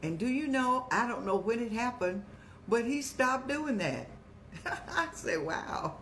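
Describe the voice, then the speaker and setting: An older woman hosting a show, giving motherly, preachy advice in a folksy way and telling stories with lively rises in pitch. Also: a little slow, a little hiss or hum. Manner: folksy, preachy, calls listeners child; animated storytelling with rising pitch. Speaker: host answering viewer questions.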